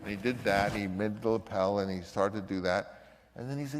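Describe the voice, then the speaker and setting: Low-voiced man telling a rambling story. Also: steady tone, in a large hall, a little hiss or hum. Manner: rambling, with halting restarts. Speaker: film director. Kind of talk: anecdotal storytelling.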